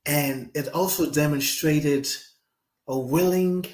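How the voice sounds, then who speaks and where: A man guest talking reflectively in a conversation, expressive and animated, slipping into emotional stories. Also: on the high side, slow, roomy sound.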